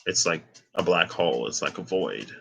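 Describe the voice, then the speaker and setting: A man's voice: sits low, expressive, moderate pace, gravelly, a bit bright, slight background noise, rough recording. A man giving a casual, rambling tarot reading, thinking aloud with asides and bursts of laughter. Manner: laughs and exclaims between points. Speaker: tarot reader.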